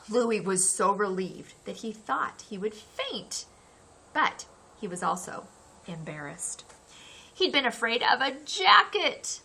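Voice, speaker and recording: Slow, bright-voiced woman reading a storybook. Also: medium pitch, vocal fry, husky. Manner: expressive, acts out the characters' cries. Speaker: audiobook narrator. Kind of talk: scripted narration of a children's novel.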